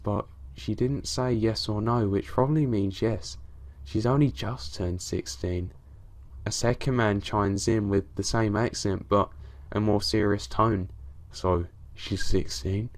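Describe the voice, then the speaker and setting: Low-voiced man narrating a horror story. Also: unhurried. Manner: low-key, steady storytelling with casual swearing.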